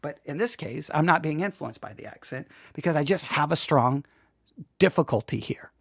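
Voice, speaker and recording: A man's voice: fairly high pitch, animated, moderate pace, creaky, a bit bright, husky, dry recording, studio quality. A Texan man hosting a theology show, rambling and self-deprecating with many restarts. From Texas. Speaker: host. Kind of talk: theology commentary.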